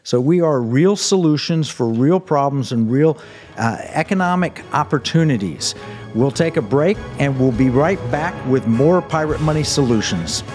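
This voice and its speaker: A man's voice: medium pitch, animated, moderate pace, a little mellow, soft background music. Male radio host, earnest explainer, restarts often, mid-range voice. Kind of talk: talk radio discussion.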